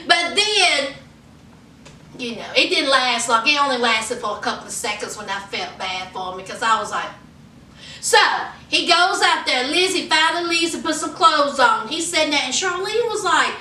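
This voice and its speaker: A woman recapping a reality show in a casual, animated way, talking straight to her viewers and retelling scenes. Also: high-pitched, normal speed, recorded from a distance. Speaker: recap vlogger. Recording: echoey room, off-mic.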